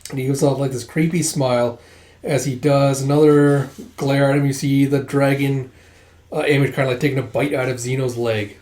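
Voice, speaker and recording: A man giving casual read-through commentary on a manga, rambling with frequent filler words and quick asides. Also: medium pitch, level tone, darkish tone. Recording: roomy echo.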